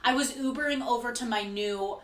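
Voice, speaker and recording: A higher-voiced woman chats on a comedy show, her tone bright and sharp, full of quick asides. The room around her echoes. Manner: chatty, quick reactions, lots of "like". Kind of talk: casual chat, storytelling.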